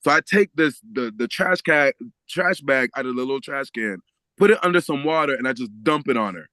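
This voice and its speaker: A man telling a story as a podcast guest, animated and often laughing, acting out the voices of the people in it. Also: medium pitch, brisk, no echo. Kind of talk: storytelling in a casual interview.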